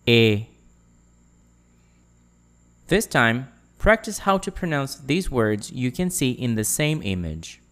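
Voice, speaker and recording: A man teaching a French pronunciation lesson on a podcast, speaking clearly and repeating words for listeners to copy. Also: medium pitch, big pitch swings, unhurried, few pauses, a bit bright.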